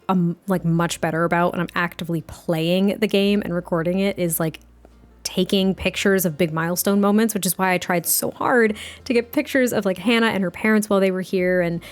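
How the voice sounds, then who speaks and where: A woman's voice: medium pitch, a little fast. Chatty, giggly female let's-play host narrating her game with faint music behind. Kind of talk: casual game commentary and storytelling.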